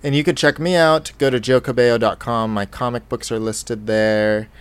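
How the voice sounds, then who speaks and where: A man co-hosting a casual podcast, relaxed and hesitant as he plugs his own work. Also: medium pitch, normal speed, clear, resonant tone, no echo. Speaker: podcast co-host.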